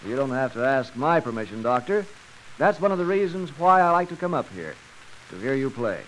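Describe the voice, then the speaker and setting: A man's voice: mid-range voice, big pitch swings, fairly quick, a bit bright, rough recording. A man narrating and chatting as a guide in a dramatic 1930s radio style. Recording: hissy old radio recording.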